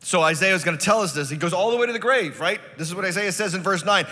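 A middle-aged man preaches in a fairly high, bright, forceful voice. He moves from storytelling into loud, emphatic sermon delivery. The sound rings with the long reverb of a large church hall. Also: quick pace, few pauses. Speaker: pastor.

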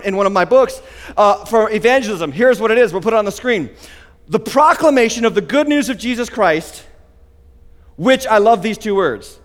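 High-voiced animated male preacher. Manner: animated, emphatic preaching with asides. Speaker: pastor. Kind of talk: sermon. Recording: long hall reverb.

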